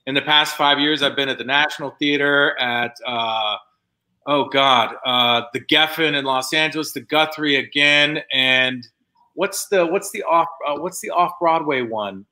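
Man, actor guest, bright forceful tone, animated, restarts phrases, video call. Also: a little high, measured pace. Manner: animated, restarts a lot, many fillers. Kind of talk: casual chat.

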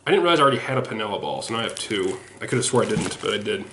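A man casually chatting about his collection on a home video, rambling with lots of ums and restarts, sweaty and a bit hoarse in the throat. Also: on the low side, lively intonation, very fast, fairly bright tone. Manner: rambling and self-deprecating, with frequent ums and restarts. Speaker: sports autograph collector showing his mail returns. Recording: echoey room with faint noise.

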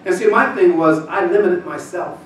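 A man preaching a sermon, telling a folksy personal story before building to loud, shouted scripture reading. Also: high-pitched, moderate pace. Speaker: pastor. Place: church sanctuary. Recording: echoey church hall, distant mic. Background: congregation responses, room ambience.

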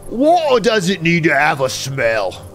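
A man streaming a puzzle game live, giving excitable, sarcastic commentary with frequent swearing and laughter. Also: a little high, takes it slowly. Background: game music.

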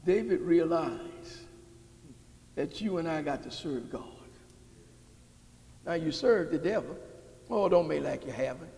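High lively gravelly preacher guy, call and response, big church reverb. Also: a little slow, pauses often. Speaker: pastor. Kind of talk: sermon. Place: church sanctuary. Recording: long hall reverb.

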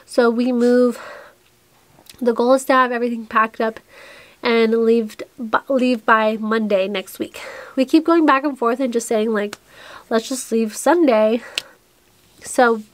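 A woman's voice: a little high, steady tone, measured pace, no room sound. Breathless young woman chatting on camera. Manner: rambling, breathless, restarts often. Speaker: vlogger. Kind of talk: chatty get-ready-with-me vlog. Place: small cluttered room indoors.

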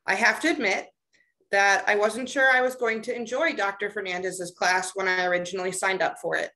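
Young adult chaplain, bright voice, measured and sincere in a prepared speech. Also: medium pitch, fairly even intonation. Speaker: chaplain resident.

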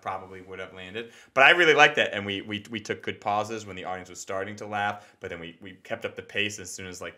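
A man's voice: low voice, pushed and bright. A man hosting a casual stand-up review, rambling with many fillers. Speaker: podcast host reviewing stand-up. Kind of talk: casual analysis.

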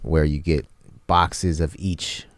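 A man's voice: very deep voice, level tone, takes it slowly, dry recording. A young man co-hosting a reaction video, explaining what he hears with enthusiasm. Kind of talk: casual reaction chat.

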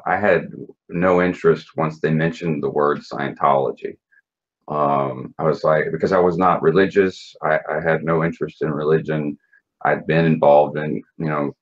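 A man with a low, husky voice recounts his past in a relaxed interview. He talks bluntly, swears freely and trips over restarts and fillers. The recording sounds dull and lo-fi. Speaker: interview guest. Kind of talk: casual recounting of personal story.

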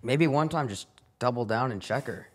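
Male podcast host, relaxed and slangy. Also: medium pitch, normal speed. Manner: laid-back, slangy. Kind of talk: casual podcast chat.

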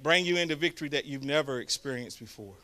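Brief: male pastor, animated sermon delivery, bright and lively. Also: medium pitch, fast talker. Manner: animated storytelling preacher.

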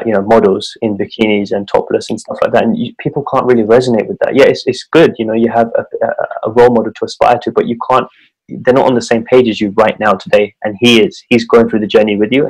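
A man's voice: fairly low pitch, darkish tone, breathy edge, poor audio. A man hosting a podcast interview, talking in an earnest, casual way and often repeating his words as he builds a point. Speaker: podcast host.

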